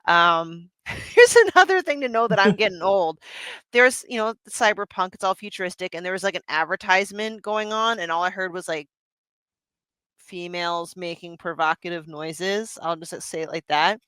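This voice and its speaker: A middle-aged woman co-hosting a podcast in casual chat, animated and chatty, laughing often and restarting her sentences. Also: on the low side, normal speed, clear, resonant tone, no echo. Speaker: podcast co-host.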